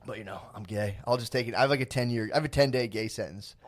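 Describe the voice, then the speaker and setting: A man's voice: on the low side, quick pace. A man co-hosting a podcast in casual chat, rambling and self-deprecating, often restarting his sentences. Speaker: podcast co-host.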